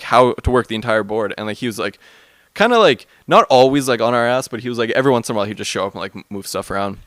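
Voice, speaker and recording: A man's voice: mid-range voice, no room sound, studio quality. A man from Canada, co-hosting a stream, telling stories in casual chat, laughing and acting out sounds. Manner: animated, laughing, mimics sounds. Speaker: stream co-host.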